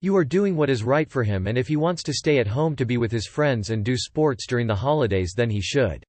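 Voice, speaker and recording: A man's voice: medium pitch, animated, a little fast, darkish tone, no room sound. Man narrating in a dry, close voice. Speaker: narrator reading forum posts. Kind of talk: scripted narration.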